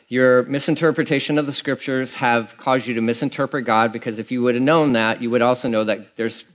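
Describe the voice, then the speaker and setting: A man, a pastor, preaching a conversational sermon in a casual, rambling storytelling manner with many fillers and restarts. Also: mid-range voice.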